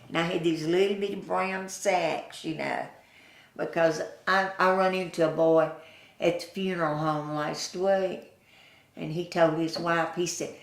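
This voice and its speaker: A woman's voice: fairly low pitch, steady tone, vocal fry, echoey room. An older woman with a Southern US accent, telling folksy stories in an oral history interview. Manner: slow, folksy, chuckling storyteller who acts out quoted voices.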